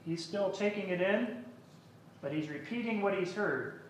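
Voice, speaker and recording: A man preaching a sermon, telling an illustration and reciting a poem in a measured storytelling way. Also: high voice, reverberant, a little hiss or hum.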